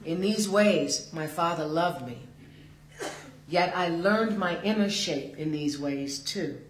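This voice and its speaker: A man reads from his own book in a deliberate, unhurried way. His voice sits a little high and moves slowly. The recording sounds roomy, with a faint hum underneath. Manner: slow, measured, deliberate delivery. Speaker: author reading his work. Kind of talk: literary reading.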